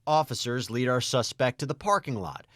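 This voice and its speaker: A wry male narrator with a lively voice. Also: medium pitch, normal speed. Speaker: video narrator.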